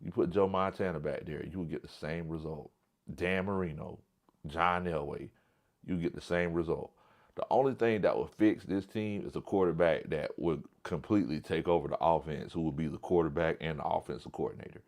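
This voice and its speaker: A man's voice: extremely low pitch, a little fast, darkish tone. A man hosting a casual livestream sports talk show, blunt and emphatic, often repeating his point.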